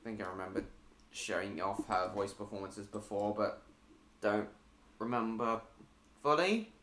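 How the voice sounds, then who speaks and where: A man's voice: on the low side, unhurried, a bit bright, echoey room, a little hiss or hum. A man hosting a casual live stream, reading viewer messages aloud and answering them.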